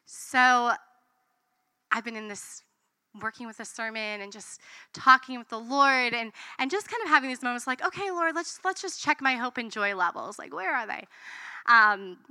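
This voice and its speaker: A woman in her thirties, a mother preaching a sermon, telling lively stories and acting out what people said. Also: a little high, moderate pace, smooth, no echo. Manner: animated storytelling, acts out quotes.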